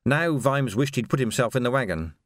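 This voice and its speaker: A man reads a novel aloud in a steady, measured way, his pitch in the middle range. The recording is dry and close, with no room sound at all. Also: no room sound. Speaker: audiobook narrator. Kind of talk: audiobook narration.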